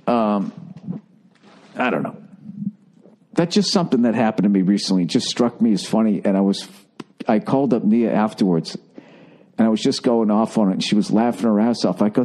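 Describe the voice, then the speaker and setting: A man's voice: on the low side, expressive, a little fast, long pauses, mellow. A middle-aged man hosting a podcast, ranting with exasperated, profane comic energy. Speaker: podcast host. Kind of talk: comedic rant.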